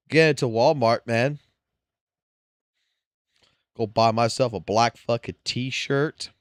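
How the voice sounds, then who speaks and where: A man's voice: mid-range voice, takes it slowly, long pauses, no echo, studio quality. Profane man telling a rowdy story. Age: adult with wife and children. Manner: profane, rambling, laughs through his own story. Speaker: live streamer. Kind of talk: casual storytelling on stream.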